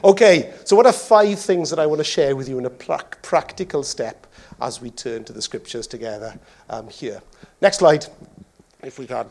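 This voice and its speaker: A man's voice: mid-range voice, moderate pace. A man preaching a sermon as pastor, joking and acting out voices along the way. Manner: jokey, animated, acts out voices.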